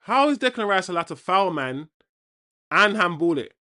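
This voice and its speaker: A man's voice: sits high, very animated, moderate pace, sharp tone. A man hosting a football watchalong, reacting live with indignant, casual slang.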